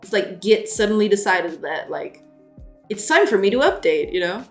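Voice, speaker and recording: A woman's voice: mid-range voice, big pitch swings, normal speed, faint music behind. Giggly woman chatting on a dev stream. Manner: giggly, self-deprecating, often breaks into laughter; chatty, reads and answers viewer messages. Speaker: game developer streamer. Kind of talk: casual live-stream chat while coding.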